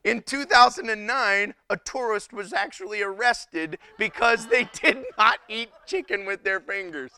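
A man's voice: high voice, a little slow, few pauses, clean tone. A man preaching a humorous sermon, telling stories with frequent laughter and incredulous exclamations. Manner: animated storytelling with frequent laughter. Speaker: pastor.

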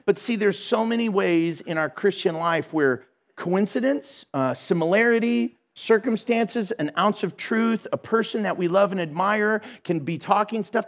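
A middle-aged man giving a storytelling sermon in a lively, conversational way, laughing at himself. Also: high voice, normal speed. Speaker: Christian speaker.

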